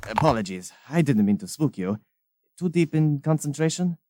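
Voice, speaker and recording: A man voicing a calm, wry advisor. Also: a little high, moderate pace, noisy background. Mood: dry. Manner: calm, dry. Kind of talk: fan audio drama.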